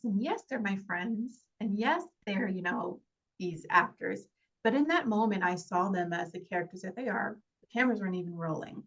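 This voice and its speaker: A woman, an actress, talking in an interview in a heartfelt, halting way with many fillers and restarts. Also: medium pitch, highs cut off. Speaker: actress guest. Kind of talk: casual interview chat.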